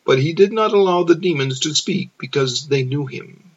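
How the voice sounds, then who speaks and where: A man reading scripture aloud as narration, slow and measured. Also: a little high, lively intonation, breathy edge, highs cut off. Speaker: scripture reader.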